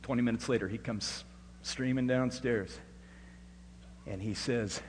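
A middle-aged man preaching a sermon and telling a family story, going from hushed and tender to loud and emphatic. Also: mid-range voice, unhurried, long pauses. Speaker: pastor. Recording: echoey hall with faint hum.

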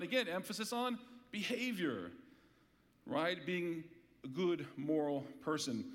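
A man's voice: sits high, pushed and bright, in a large hall. A man preaching a sermon as pastor, talking conversationally with rhetorical questions and light humor. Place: church hall.

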